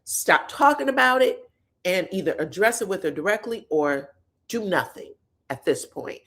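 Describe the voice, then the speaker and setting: A woman's voice: medium pitch, animated, moderate pace, a bit bright. A woman host in casual, chatty commentary, retelling reality TV drama in blunt slang with frequent swearing. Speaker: pop culture commentator.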